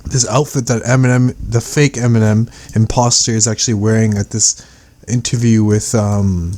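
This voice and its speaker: A man's voice: on the low side, fairly even intonation, normal speed, mellow, no echo. A man giving rambling casual commentary over video clips, full of fillers and restarts.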